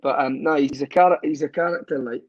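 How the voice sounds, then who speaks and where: A Scottish man, a footballer guest, telling lively, profane stories in a casual podcast chat. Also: on the high side, fast, no room sound, lo-fi sound. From Scotland. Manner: lively storyteller, swears, laughs often.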